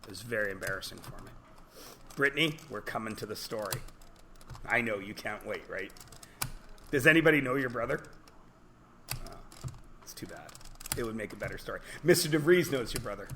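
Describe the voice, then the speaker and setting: A man's voice: fairly low pitch, animated, brisk, long pauses, pushed and bright, slight background noise. A man teaching a classroom lesson, joking, telling stories and quizzing his students. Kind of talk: classroom lecture.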